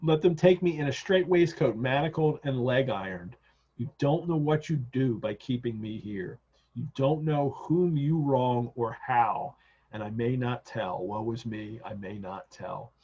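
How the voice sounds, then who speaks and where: A man's voice: mid-range voice, unhurried, darkish tone, husky. A man reading aloud the lines of a desperate male asylum inmate pleading for release, over dull lo-fi video call audio. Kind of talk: reading a novel passage aloud.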